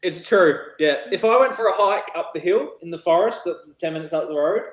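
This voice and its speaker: A man's voice: sits high, brisk. A man from Australia with an Australian accent, chatting casually in a blunt, teasing way. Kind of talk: casual chat.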